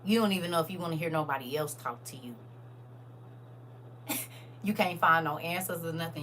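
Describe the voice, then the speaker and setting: A woman hosting a casual livestream, chatting to viewers as "y'all" and answering their comments aloud, with expressive swings from hushed to loud. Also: low voice, a little fast, long pauses, slight background noise. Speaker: livestream host.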